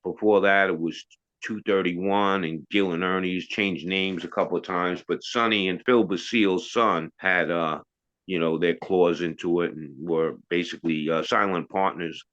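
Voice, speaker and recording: A man's voice: sits low, fairly even intonation, moderate pace, a bit bright. A middle-aged man telling a story as an interview guest, casual and rambling, with restarts and asides. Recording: dull lo-fi sound.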